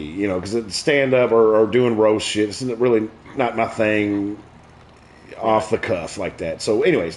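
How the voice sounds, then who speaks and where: A man, a comedian hosting a stream, tells crude jokes and stories in relaxed, profane chat. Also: fairly low pitch. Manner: crude, profane joke-telling. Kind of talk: casual storytelling chat.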